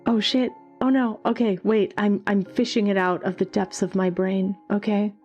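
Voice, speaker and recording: Animated, swearing woman telling a story. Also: mid-range voice, normal speed, faint music behind. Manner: animated, swears freely, many fillers. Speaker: singer and channel host. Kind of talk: casual Q&A storytelling.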